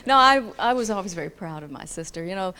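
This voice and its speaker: A woman's voice: medium pitch, lively intonation, fast talker, sharp tone, clear, resonant tone. A woman from Kentucky, raised in Indiana, chatting as a guest on a stage in a concert hall, laughing easily and trailing off with fillers. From Kentucky, grew up in Indiana. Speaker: guest singer. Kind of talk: casual interview chat.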